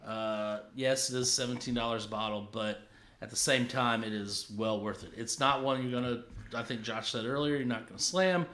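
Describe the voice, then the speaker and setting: A man's voice: medium pitch, normal speed. A man co-hosting a casual drinks review show, talking loosely with many fillers. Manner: relaxed, hesitant with many fillers. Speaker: podcast co-host reviewing drinks. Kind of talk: casual chat.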